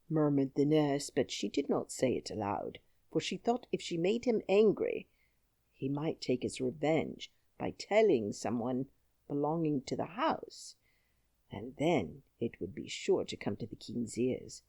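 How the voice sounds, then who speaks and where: A woman reading a children's classic aloud with storybook expression. Her pace is slow and her pitch moves a great deal, recorded dry and close. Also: very animated, gravelly, warm tone, slightly rough, no echo. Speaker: audiobook narrator. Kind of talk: scripted storybook narration.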